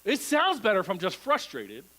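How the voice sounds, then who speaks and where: A man's voice: sits high, normal speed, rough recording. A male pastor preaching a conversational sermon in a church, often checking in with the congregation through rhetorical questions. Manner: animated, asks the crowd rhetorical questions.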